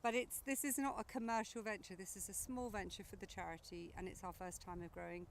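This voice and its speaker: A woman's voice: mid-range voice, fairly even intonation, fairly quick, a little hiss or hum. Woman at an outdoor pumpkin patch. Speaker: charity founder. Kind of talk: casual interview.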